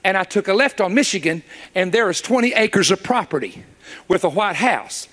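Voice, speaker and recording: Male preacher, high lively voice, storytelling sermon that rises to shouts. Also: normal speed. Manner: storytelling preacher, acts out dialogue, builds to shouts.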